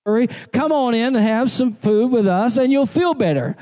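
A man's voice: extremely high pitch, expressive, moderate pace, warm tone, big-room sound, pitched above the performer's own voice. A man voicing a kindly older farmer in a joke told during a sermon, speaking in a hearty, coaxing way. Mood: reassuring.

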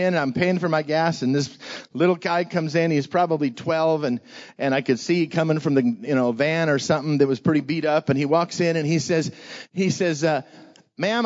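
A man pastor giving an energetic sermon for children, drawing the audience into call-and-response and telling stories. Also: on the high side, muffled recording.

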